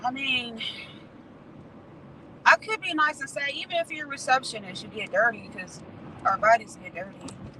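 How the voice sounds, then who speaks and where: A woman's voice: fairly high pitch, moderate pace, pauses often. A woman chatting casually and candidly on a livestream, swearing freely and laughing as she talks. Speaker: vlogger. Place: in a car at night. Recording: road noise from a moving car.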